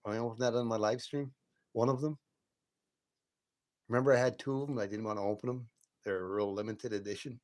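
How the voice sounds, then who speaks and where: Late at night, a man live streams from his home and talks directly to his viewers, drifting from one thought to the next and chuckling often. His middle-pitched voice is steady and a little mellow. He speaks fairly quickly but leaves long pauses.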